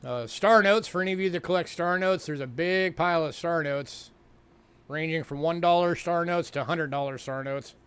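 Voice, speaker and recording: A fairly high-pitched man from New York hosts a coin sale livestream at normal speed. His casual sales talk is chatty, with fillers and repeated words. The voice is a bit bright, clear and resonant.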